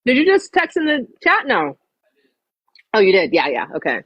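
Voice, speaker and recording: A woman's voice: mid-range voice, huge pitch swings, moderate pace, fairly bright tone, slightly rough, no room sound, rough recording. A woman chatting casually on a livestream, blunt and full of swearing.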